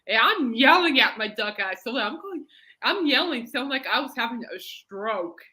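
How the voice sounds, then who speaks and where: A woman's voice: on the high side, animated, moderate pace, sharp tone. A woman hosting a podcast, chatting casually and rambling through stories. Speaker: podcast host. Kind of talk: casual chat.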